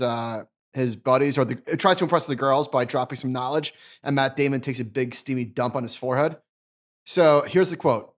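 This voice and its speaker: A man co-hosting a finance podcast, chatting casually, animated and restarting sentences often. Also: mid-range voice. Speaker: podcast co-host.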